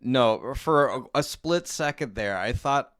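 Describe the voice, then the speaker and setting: A male podcast co-host talking in a loose, rambling way, breaking into laughter and piling on asides. His pitch swings widely as he talks. The tone is bright and forward. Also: lively intonation, measured pace. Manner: rambling, laughs often, interjects. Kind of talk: casual chat reviewing a cartoon.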